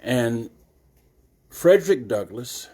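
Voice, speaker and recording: An older man, a reverend, speaks to a gallery audience before a reading. He talks slowly and deliberately, setting things up step by step. His voice is mellow and dark. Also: medium pitch, very animated. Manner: measured, deliberate, explanatory. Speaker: reverend and retired judge introducing a reading. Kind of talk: live introduction to an audience.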